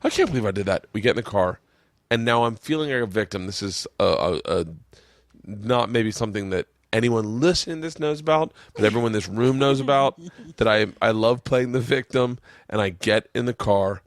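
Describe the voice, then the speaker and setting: A man hosting a podcast, telling a story in casual chat, animated and swearing, his voice jumping up when he quotes himself. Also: mid-range voice, fairly quick, no room sound, studio quality. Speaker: podcast host. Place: room with family around.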